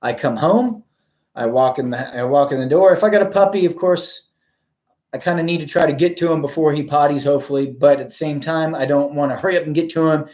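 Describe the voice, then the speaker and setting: Brief: casual male dog trainer, somewhat high-pitched, rambling with plenty of ums. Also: fast. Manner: relaxed and rambling, frequent ums, answers viewers by name. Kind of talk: casual instructional talk.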